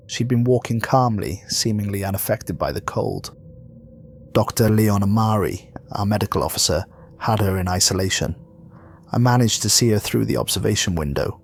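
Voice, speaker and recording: A man narrates a sci-fi horror story in a measured, somber delivery. His voice sits on the low side, with a faint hum of ambience underneath. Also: gravelly.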